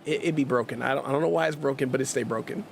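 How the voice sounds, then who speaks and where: A man hosting a gaming livestream, chatting in an energetic, hyper and jokey way, rambling with many restarts. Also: medium pitch, rapid-fire, gravelly, slight background noise. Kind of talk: casual livestream chat.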